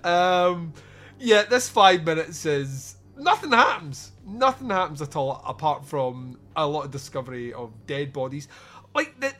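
A man's voice: fairly high pitch, big pitch swings, pushed and bright. A man hosting a podcast, reviewing a movie in casual, sarcastic chat with frequent laughs. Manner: laughing, sarcastic, quick asides. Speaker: podcast host.

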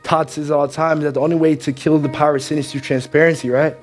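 A man's voice: on the high side, quick pace, soft background music. A man preaching in church, telling a story with energy and acting out the characters. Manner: animated, acts out the characters. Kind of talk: sermon storytelling.

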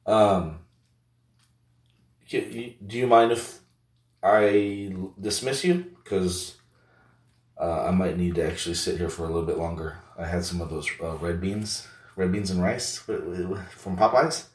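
A man's voice: low-pitched, fairly even intonation, a little slow. A man hosting a casual comedic show, rambling with lots of fillers and heavy swearing. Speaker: show host. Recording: roomy echo, distant mic.

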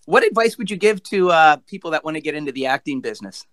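Male podcast host, bright tone, dry mic. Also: a little high, animated, fast talker, no echo. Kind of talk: casual podcast interview.

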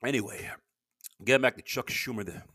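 A man hosting his own amateur podcast, rambling in a self-deprecating solo monologue that swings between loud bursts and low mutters. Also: brisk, no echo, clean studio sound. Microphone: home podcast mic.

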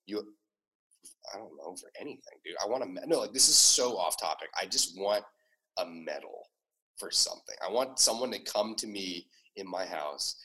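A young man co-hosting a podcast, chatting casually and animated, swearing a lot and laughing often. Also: deep voice, moderate pace, breathy edge. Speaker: podcast co-host. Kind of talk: casual chat.

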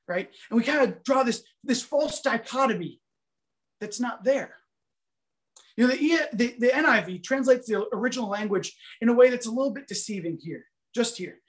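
A man giving a sermon, telling a story in an animated, conversational way full of fillers. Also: very high voice, fairly quick. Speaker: preacher.

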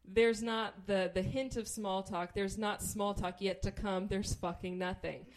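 A woman's voice: medium pitch, fairly even intonation, unhurried. A woman from Kansas doing stand-up, telling a story in a wry, profane way and acting out the people in it. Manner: profane, wry, acts out quoted people in voices. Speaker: stand-up comedian.

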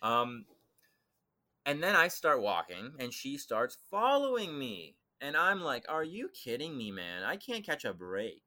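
A young man telling a personal eerie story as a podcast guest, animated, acting out voices and swinging from loud to hushed. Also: mid-range voice, measured pace. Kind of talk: dramatic storytelling in conversation.

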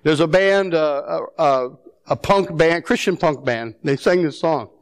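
A male pastor delivering a sermon, his voice sitting notably high for a man. He talks conversationally, with restarts and rhetorical questions to the congregation. When he quotes people, he acts them out with animated energy. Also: a little slow.

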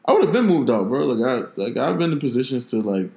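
A man's voice: mid-range voice, sing-song, brisk, vocal fry, darkish tone, echoey room. A young man in casual chat, rambling easygoingly with many restarts. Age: young adult.

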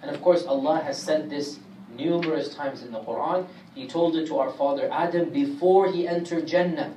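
A man teaching a Quran commentary class, speaking emphatically and reciting Arabic verses rapidly. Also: a little high, warm tone. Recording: echoey room, distant mic, faint hiss.

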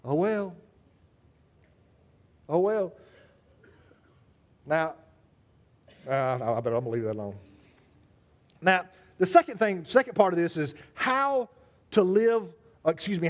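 A male pastor preaching a sermon in a lively, conversational way, calling out members of the congregation by name. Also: high-pitched.

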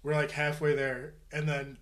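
A man's voice: fairly high pitch, level tone, moderate pace, a bit bright. A man co-hosting a podcast, telling a crude story in casual chat, swearing freely and laughing as he goes. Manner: profane, laughing anecdote teller. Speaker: podcast co-host.

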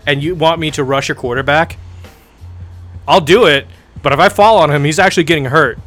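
A man's voice: on the high side, a little fast, a bit bright, soft background music. A man in his thirties joking crudely in a casual podcast chat. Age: 30s. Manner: joking, puts on voices of others. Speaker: podcast co-host.

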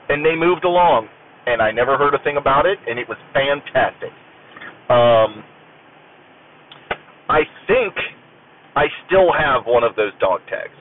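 Man in his car, mid-pitch, loose storyteller full of ums and cussing; thin phone-quality sound, faint road hum. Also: animated, moderate pace, long pauses. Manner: rambling, lots of fillers, casual swearing. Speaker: veteran recalling military service. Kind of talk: casual storytelling monologue. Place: in a car while driving.

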